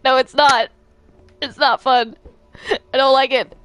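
A jittery cartoon ink demon, played by a woman in a game role-play. He speaks slowly in a slightly high voice, protesting and begging to be left alone. Nervous laughs keep slipping into his complaints. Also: steady tone, a bit bright, no room sound. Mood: panicked. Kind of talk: Minecraft role-play voice acting.

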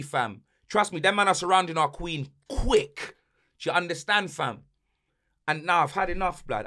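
A young man with a London accent rants about football on a podcast, swinging from loud outbursts to low muttering. His voice sits high and sounds bright and tense. He tacks slang tags onto nearly every sentence. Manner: repeats slang tags like blood and fam, swings from shouting to muttering. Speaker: podcast host. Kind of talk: heated football rant.

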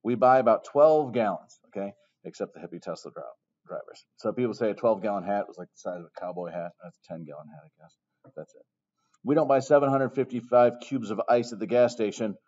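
Low-voiced male teacher, casual and joking, heard on a dull lo-fi recording. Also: brisk, a little mellow. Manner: casual, jokey asides, keeps checking with "okay?". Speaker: chemistry teacher. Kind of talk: recorded classroom lecture.

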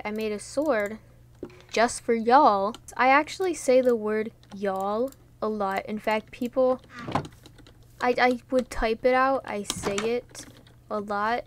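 A woman's voice: on the high side, background noise. A young woman from New York casually chatting and joking while playing a video game, full of fillers, laughs and sudden startles. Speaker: gaming vlogger. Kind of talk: casual gameplay commentary.

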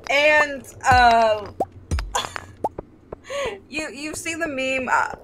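A woman streaming and chatting casually, prone to loud shrieks and acting out voices when she tells a story. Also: high-pitched, very slow, low-quality recording. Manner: animated, loud outbursts and shrieking reactions; acts out voices when retelling stories. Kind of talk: casual chat on a game stream. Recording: music playing behind.

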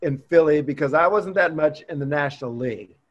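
A man in his fifties, a former pro baseball player, chatting as a podcast guest and telling relaxed, expressive stories. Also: on the high side, brisk. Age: 50s. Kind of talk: casual chat. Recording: dull lo-fi remote audio.

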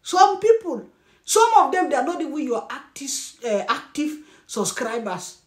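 High-voiced Nigerian woman ranting bluntly. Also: normal speed. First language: Birom. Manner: blunt, scolding, animated, laughs often. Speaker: commentary vlogger. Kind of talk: ranting commentary. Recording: echoey room.

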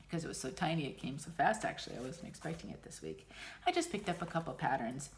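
A middle-aged woman from the United States talks casually in a slightly low voice. She gushes, gets emotional and trails off into restarts as she shows off her craft supplies. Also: very animated, fast talker, slight background noise. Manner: chatty, gushing, emotional. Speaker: cross-stitch vlogger. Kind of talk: casual chat.

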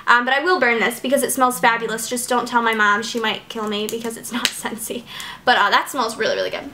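A young woman gushes through a casual unboxing at home, piling on "like" and "oh my gosh" as she goes. Her voice sits high and sounds bright and lively, with a chatty, excitable manner. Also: fairly quick, slight background noise. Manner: gushing, excitable, lots of "like" and "oh my gosh". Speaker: beauty vlogger.

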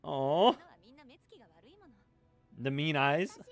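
A man's voice: fairly high pitch, animated, drawn-out words, soft background music. A young man hosting an anime reaction, blurting questions, swearing at the screen and cooing over cute moments. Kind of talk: live anime reaction commentary.

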